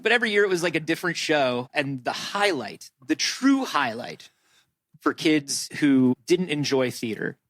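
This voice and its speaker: A man co-hosting a comedy podcast, chatting casually and often breaking into goofy put-on voices. His voice sits a little high for a man. It is recorded close and dry, with no room sound. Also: big pitch swings, moderate pace, fairly bright tone, no echo. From Florida. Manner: jokey, breaks into silly character voices. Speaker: podcast co-host.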